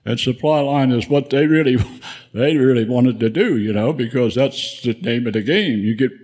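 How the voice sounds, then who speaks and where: A man's voice: medium pitch, moderate pace, a little mellow. A man in his nineties, a veteran guest, telling rambling war memories with frequent chuckles at a live event. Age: 90s. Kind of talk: spoken war memoir.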